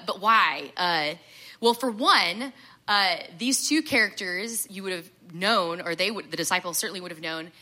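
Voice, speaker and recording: A woman's voice: lowish voice, bright, forceful tone. A woman giving a conversational sermon, chatty and self-deprecating, with lots of fillers and asides. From American South. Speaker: preacher.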